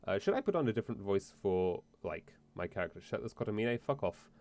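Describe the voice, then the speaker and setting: A man's voice: lowish voice, big pitch swings, fairly quick, a little mellow. Rambling, swearing male streamer. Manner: rambling, profane and self-interrupting. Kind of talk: casual let's-play chat.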